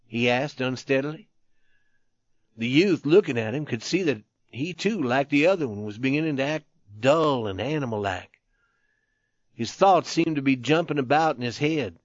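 A man narrating a war story in a measured, even audiobook style. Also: medium pitch, dry recording, lo-fi sound.

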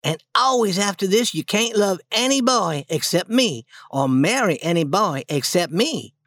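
A woman voicing an eager, boastful young schoolboy in a storybook reading, coaxing and lively. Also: medium pitch, unhurried, dry recording, studio quality.

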